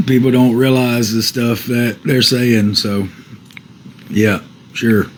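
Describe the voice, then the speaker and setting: A man's voice: mid-range voice, fairly even intonation, slow pace, slight background noise, poor audio. A man on a casual livestream, reading out viewer comments and answering them defensively, with some swearing.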